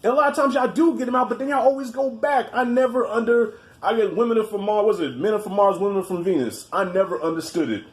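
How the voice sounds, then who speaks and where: A man with a fairly high voice chats casually as host, telling animated, profane stories. The sound is echoey, as in a bare room. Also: fast talker, few pauses. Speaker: video host. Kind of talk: casual chat.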